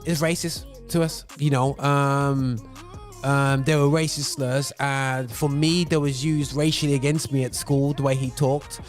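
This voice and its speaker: A man's voice: mid-range voice, steady tone, measured pace, faint music behind. A male radio presenter giving casual spoken commentary, talking loosely with many fillers and digressions.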